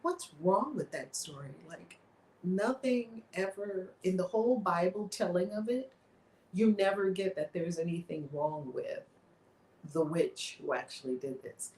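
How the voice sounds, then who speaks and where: A woman's voice: fairly low pitch, measured pace, slight background noise. Woman storyteller in an echoey room. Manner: lively retelling with voiced quotes. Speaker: guest author and minister. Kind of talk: animated storytelling in a chat.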